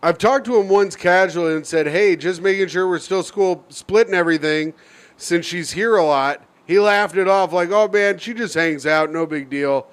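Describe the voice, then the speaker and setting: High-voiced man joking on a podcast. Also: normal speed, smooth. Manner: playful, teasing, reads a listener letter aloud. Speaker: podcast co-host. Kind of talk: casual comedic podcast banter.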